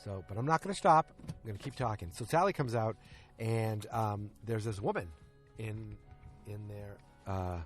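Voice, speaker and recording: A man hosting a podcast, recapping an episode in a loose, casual way and acting out the characters' lines in quick quotes. He is recording outdoors in a park. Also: fairly low pitch, soft background music. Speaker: podcast host.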